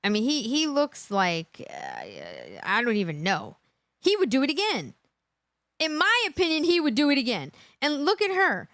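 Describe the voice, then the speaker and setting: A woman's voice: high-pitched, wildly swooping pitch, normal speed, a bit bright, no echo, studio quality. A woman hosting a live true crime reaction, indignant and emphatic, repeating her points for effect.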